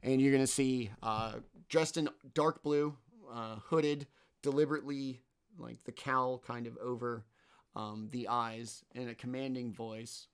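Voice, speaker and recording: A man running a tabletop game as game master, narrating the scene slowly with plenty of ums and uhs. His voice is smooth and clear, with a measured, unhurried delivery. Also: mid-range voice, steady tone. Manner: halting, full of ums and uhs.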